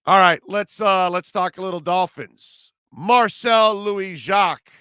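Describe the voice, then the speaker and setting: A man's voice: sits high, unhurried, hardly any pauses, pushed and bright, smooth, no echo, studio quality. A man hosting a sports radio show, rambling and joking loosely about old movies. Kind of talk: casual sports talk.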